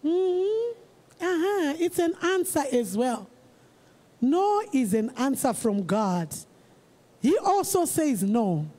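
A pastor preaching a sermon, emphatic and repetitive, rising to shouts. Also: sits high, sing-song, slow.

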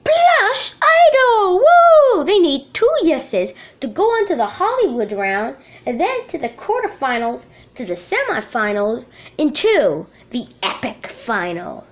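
Upbeat high-voiced woman hosting. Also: very animated, measured pace. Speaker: show host. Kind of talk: plush puppet comedy.

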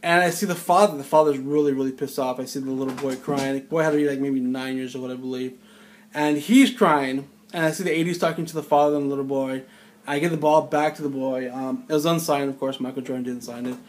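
A man's voice: medium pitch, steady tone, fast, a little hiss or hum. A man in his forties telling a rambling, incredulous story in casual conversational style. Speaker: storyteller recalling film-set security work. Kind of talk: casual spoken anecdote.

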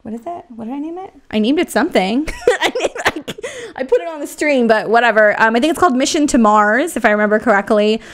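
A woman's voice: a little high, lively intonation, quick pace. A woman co-hosting a podcast in casual chat, chatty and laughing, loose with her fillers. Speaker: podcast co-host.

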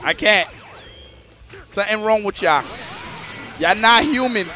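A male streamer commentating casually, with a high, bright, forceful voice. He cracks crude jokes and speaks straight to his chat. Faint music plays underneath. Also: a little slow.

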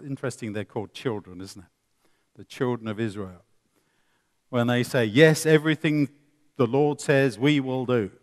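A man preaching a sermon, swinging between loud emphasis and quiet asides, with many rhetorical questions. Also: fairly high pitch. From England. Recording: long reverb of a hall.

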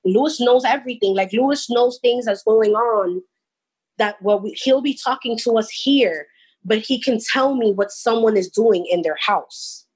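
Husky-voiced young woman telling her story. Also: fairly high pitch, measured pace, darkish tone, low-quality recording. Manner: rambling with frequent restarts. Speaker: interviewee recounting a personal experience. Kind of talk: personal storytelling.

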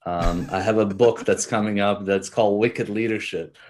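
Deep mellow man hosting an interview. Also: steady tone, normal speed. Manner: hesitant, many "uh" fillers. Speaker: podcast host. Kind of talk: casual interview chat.

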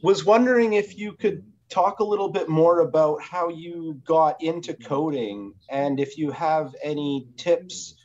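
A man's voice: a little high, measured pace, few pauses, darkish tone, highs cut off. A man calling in to ask a polite question in a webinar. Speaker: caller asking a question.

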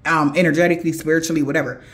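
A woman's voice: low-pitched, fairly even intonation, very fast. A woman intuitive reader telling a dream story in a casual, profane way, with laughing asides. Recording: roomy echo.

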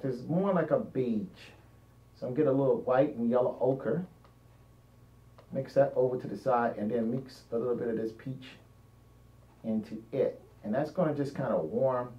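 With a warm, mid-range voice, a man walks through a painting demonstration, thinking aloud and often letting sentences trail away. The mic sits at a distance, making the sound roomy, dull and lo-fi.

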